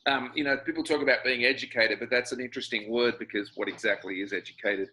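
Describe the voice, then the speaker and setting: Bright-voiced Australian man in his fifties. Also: medium pitch, fairly even intonation, quick pace, husky, low-quality recording. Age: 50s. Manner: reflective, rambling, dry humor. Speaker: guest, singer-songwriter. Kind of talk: casual interview chat.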